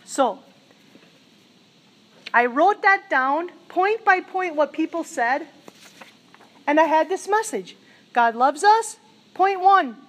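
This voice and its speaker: A middle-aged woman preaching a sermon, telling a story with lively, laughing energy. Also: sits high, slow, long pauses. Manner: animated storytelling, laughing as she recounts a vision.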